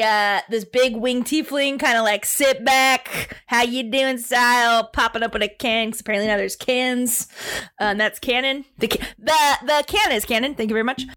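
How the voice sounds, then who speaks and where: A chatty woman running a tabletop game, describing the scene with lots of fillers and asides. Her voice sits a bit high for a woman. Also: fairly bright tone. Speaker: game master.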